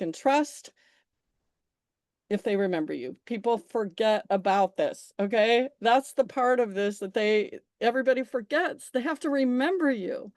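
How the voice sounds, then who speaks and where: A woman leads an informal workshop talk, rambling into stories and restarting sentences as she goes. She stresses her points emphatically and coaxes the listener along. Her voice sits in an ordinary middle pitch and sounds close and dry. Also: a little mellow, no echo. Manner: chatty storyteller, frequent restarts and self-corrections; emphatic, coaxing. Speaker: small business marketing presenter.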